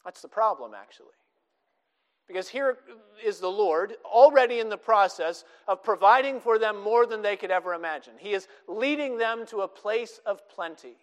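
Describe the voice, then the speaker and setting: High-voiced preacher in a reverberant hall. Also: male voice, a bit bright. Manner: expository preaching, quoting scripture with emphatic rises. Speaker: pastor. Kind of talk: sermon.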